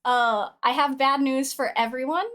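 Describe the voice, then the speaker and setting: A woman's voice: sits high, fairly even intonation, moderate pace, a bit bright. A woman chatting casually as a player in a tabletop game session over a call.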